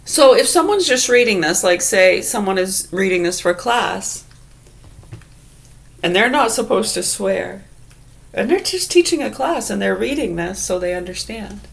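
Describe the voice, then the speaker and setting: A woman's voice: medium pitch, lively intonation, unhurried, gravelly. A woman in a casual vlog who reads definitions aloud and riffs on them sarcastically, swearing freely. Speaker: vlogger. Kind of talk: casual musing monologue.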